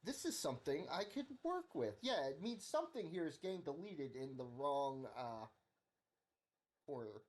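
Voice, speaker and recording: A man's voice: a little high, big pitch swings, moderate pace. A man live-streaming his coding, thinking aloud in a goofy, rambling, sing-song way.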